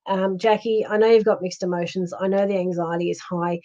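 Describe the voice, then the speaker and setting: A woman's voice: medium pitch, fairly even intonation, brisk, warm tone, dull audio. An Australian woman hosting a psychic livestream, chatty and reassuring as she reads out viewer comments, with plenty of ums and restarts. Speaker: psychic medium livestream host. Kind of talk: live-stream chat reading viewer comments.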